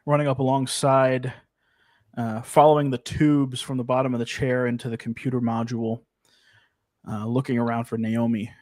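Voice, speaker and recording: A man playing a tabletop role-play in character, describing his actions haltingly with fillers. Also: mid-range voice, level tone, darkish tone, dry recording, clean studio sound. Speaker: player.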